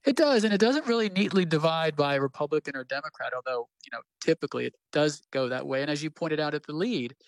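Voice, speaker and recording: A man speaking as a legal analyst guest in a news interview, measured and steady, now and then correcting himself mid-sentence. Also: on the high side, no echo, poor audio.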